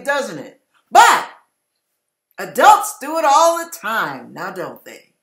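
A Christian teacher gives a Bible lesson in an emphatic, repetitive, sermon-like style, acting out everyday quarrels in quoted voices. Her voice is high-pitched and sharp, and the audio is reverberant.

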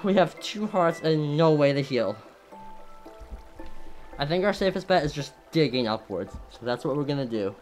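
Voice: medium pitch, expressive, normal speed, pauses often, a little mellow, soft background music. Jumpy, swearing gameplay commentator. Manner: jumpy, swears a lot, yelps at scares.

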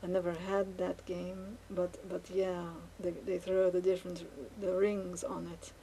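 A woman talks to her camera while painting, her voice dark and mellow with a gravelly edge. She rambles and muses, stumbling through fillers and restarts in a fairly flat tone. A faint hiss sits under the recording. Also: on the low side, poor audio. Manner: halting, many fillers and restarts, musing. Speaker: vlogger.

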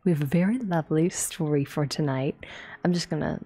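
A woman streamer doing a whispered ASMR stream on a desktop mic, swearing and breaking into shrieks between soft whispers. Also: low voice, brisk, slightly rough. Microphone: desktop USB mic.

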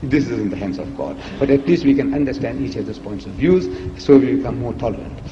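In an archive recording played within a reaction video, a man delivers an emphatic public lecture, posing rhetorical questions in a lively, teasing way. His mid-range voice moves at a quick pace, and the lo-fi sound is dull with an echoey hall.

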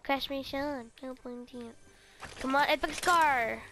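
A woman's voice: high voice, unhurried, bright, forceful tone, slight background noise. A teenage girl giving casual, rambling gameplay commentary and talking straight to her viewers. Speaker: gaming video creator.

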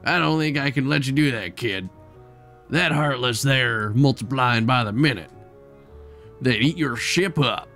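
A man reading a gruff middle-aged mechanic's game lines aloud, curt and dry. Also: medium pitch, a little slow, sharp tone, faint music behind. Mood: blunt.

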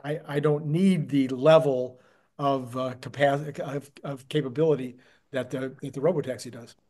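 A male host in a casual interview chat, hoarse and getting raspier, talking in a chatty way with many restarts. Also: mid-range voice, steady tone, moderate pace, darkish tone. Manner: chatty, with frequent restarts and fillers.

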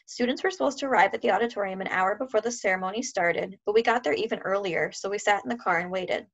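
A woman reading a children's novel aloud in a steady, clear storytelling voice. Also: medium pitch, quick pace. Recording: dull lo-fi sound.

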